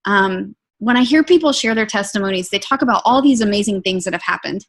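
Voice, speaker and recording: A woman giving an emotional, earnest personal testimony, talking in a lively storytelling way. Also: mid-range voice, fast, slightly rough. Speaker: product testimonial speaker.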